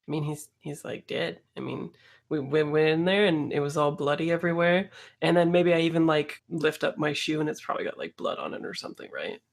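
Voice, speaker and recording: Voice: medium pitch, lively intonation, brisk, creaky. A player in a tabletop role-playing game, speaking in a hesitant, stammering way. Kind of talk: in-character tabletop play.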